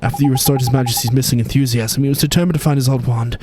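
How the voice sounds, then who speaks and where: A man's voice: medium pitch, fairly even intonation, rapid-fire, noisy background, close to an everyday voice. A man voicing a dutiful, formal male castle guard reporting bad news, over game music. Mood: worried.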